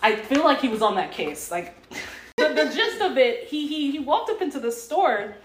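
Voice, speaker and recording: A woman's voice: sits high, big pitch swings, moderate pace. A woman chatting on a casual podcast, giggly and talkative, telling stories. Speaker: podcast guest. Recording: roomy with faint noise.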